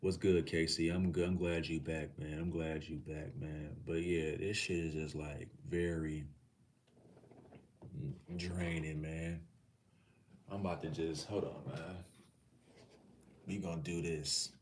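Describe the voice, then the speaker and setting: A man's voice: extremely low pitch, flat delivery, slow pace, pauses often, darkish tone, slight background noise. A middle-aged man from Texas hosting a livestream, talking casually with his chat, swearing freely and calling viewers nephew. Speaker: livestream host.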